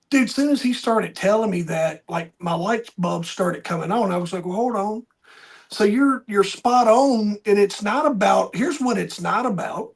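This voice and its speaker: A man hosting a podcast, telling stories in a lively casual way and acting out the people he quotes. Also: sits high. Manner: animated storyteller, acts out quoted people. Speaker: podcast host. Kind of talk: casual conversation.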